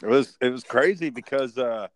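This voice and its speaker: A man's voice: medium pitch, normal speed, no echo. A man telling a rowdy story in casual chat, swearing freely and acting out what people said. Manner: profane, animated storytelling with acted quotes. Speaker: storyteller guest.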